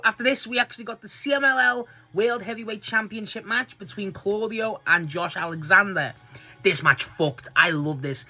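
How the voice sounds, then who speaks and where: A man giving a casual, rambling solo review, excitable and swearing freely. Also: on the high side. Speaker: wrestling show reviewer.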